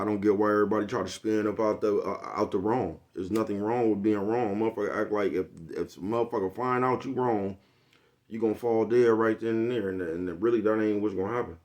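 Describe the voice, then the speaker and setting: A vlogger with a deep, low, darkish voice rambles through a casual monologue aimed at his viewers. He swears freely and keeps asking if they know what he's talking about.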